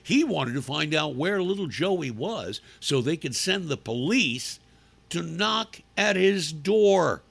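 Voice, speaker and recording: A man's voice: a little high, big pitch swings, takes it slowly, creaky, a bit bright, breathy edge. A male radio talk show host giving sarcastic, indignant commentary with emphatic delivery.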